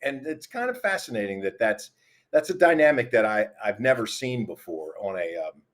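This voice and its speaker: A man on a sports talk panel, telling stories in a relaxed conversational way. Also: medium pitch, normal speed. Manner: storytelling, conversational.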